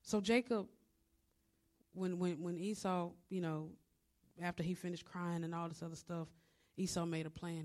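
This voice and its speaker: A woman's voice: fairly low pitch, steady tone, moderate pace, long pauses, a little mellow. A woman preacher giving a conversational, story-driven sermon, retelling a scripture story with asides.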